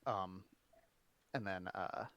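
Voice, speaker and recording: A man's voice: sits low, slow, a bit bright, dry recording. Casual man running a tabletop game. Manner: casual, rambling. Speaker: game master.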